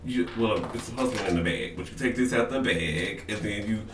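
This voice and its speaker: A man's voice: lowish voice, brisk, background noise. Nervous, chatty, sassy, man in his twenties, casual vlog, echoey bathroom. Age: 20s. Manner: nervous, chatty, sassy, says "girl" often. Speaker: vlogger. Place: home bathroom. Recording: roomy echo, slightly distant.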